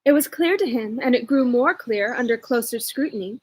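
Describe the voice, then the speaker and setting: A woman reading a novel aloud at home in a measured, even narration. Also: on the high side, husky, dry recording, poor audio. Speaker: audiobook reader.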